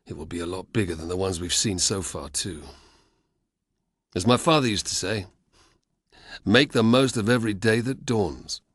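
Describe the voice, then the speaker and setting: A man's voice: low voice, moderate pace, long pauses, husky, dry recording, clean studio sound. A man voicing a weary, philosophical older male soldier who speaks darkly and with sighs. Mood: reflective. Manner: dark, sighing, reflective.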